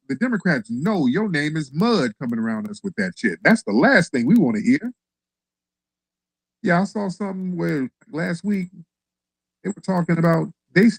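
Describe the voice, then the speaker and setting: A man's voice: on the high side, no room sound, rough recording. A man hosting a livestream, giving blunt, heated political opinions with plenty of profanity. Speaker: livestream show host.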